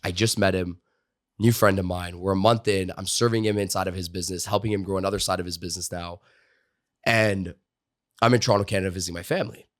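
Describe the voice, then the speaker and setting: A man who trains salespeople, a podcast guest telling stories in a lively way and using many casual fillers. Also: deep voice, fast talker, dry recording, studio quality. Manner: animated storyteller, frequent "like" and "you know" fillers. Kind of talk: conversational storytelling interview.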